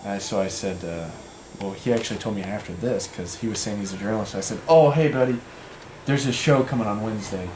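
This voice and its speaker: Young man, casual storyteller, rambling, fillers, roomy echo, loud background noise. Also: lowish voice, quick pace. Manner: rambling, full of fillers, acts out quoted voices. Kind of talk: casual anecdote.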